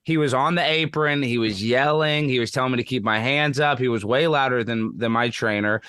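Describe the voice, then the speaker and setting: A man's voice: mid-range voice, a little fast, a bit bright, clear, resonant tone, no room sound, studio quality. A man who is a pro fighter, talking eagerly as a guest on a radio show. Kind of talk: casual radio talk.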